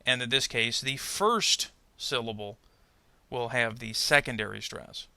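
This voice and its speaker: Guy teaching english pronunciation, gravelly but bright voice, calm step by step explaining. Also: medium pitch, no room sound. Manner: measured, explanatory, careful. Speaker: adult ESL pronunciation teacher. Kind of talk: instructional narration.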